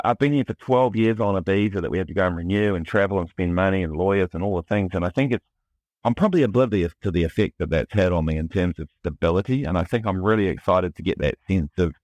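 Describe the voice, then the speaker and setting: A man from New Zealand with a New Zealand accent, talking candidly and excitedly as a podcast guest, swearing freely and often restarting his sentences. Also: low-pitched, dry recording. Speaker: podcast guest, music producer. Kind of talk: casual chat.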